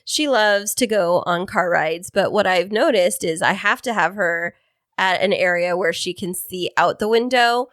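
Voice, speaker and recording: A woman's voice: fairly low pitch, measured pace, fairly bright tone, dry recording, studio quality. Chatty woman co-hosting a podcast. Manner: chatty, laughs easily. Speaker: podcast co-host. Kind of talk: casual chat.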